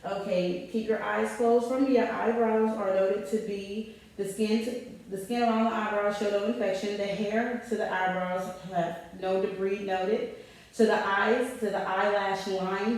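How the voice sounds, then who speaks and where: In a narrated physical assessment demonstration, a calm, methodical woman reads out her findings step by step while giving the patient brief, courteous directions. Her pitch is middling, and the distant recording carries a strong echo from the room.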